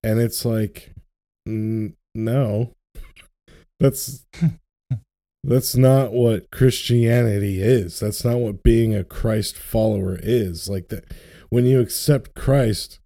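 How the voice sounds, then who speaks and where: Slow, mellow-voiced man ranting about faith. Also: fairly low pitch, steady tone. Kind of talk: casual podcast chat.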